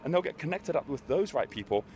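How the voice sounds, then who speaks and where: A man's voice: on the high side, very animated, quick pace, a little mellow, a little hiss or hum. A middle-aged man hosting a motivational business talk, telling stories in an earnest, conversational way. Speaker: host, business speaker.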